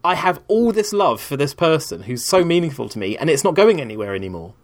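A man's voice: a little high, sing-song, fast talker. A man in his thirties, a rambling and candid storyteller in casual conversation on a podcast.

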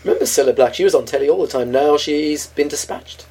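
A podcast co-host, chatting casually in a deadpan, wry way. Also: medium pitch, quick pace, gravelly, a little hiss or hum. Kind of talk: casual chat tasting beer.

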